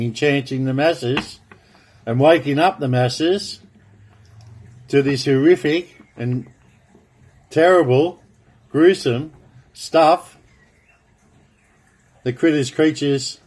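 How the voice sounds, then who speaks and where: A man from Australia, delivering a slow, rambling monologue full of grandiose, repetitive proclamations as he draws cards. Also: mid-range voice, darkish tone, breathy edge. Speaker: video blogger.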